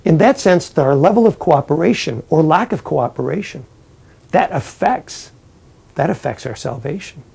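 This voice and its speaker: Priest telling a story in a sermon, dark mellow voice, pretty gravelly. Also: male voice, a little high, normal speed. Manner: animated storyteller.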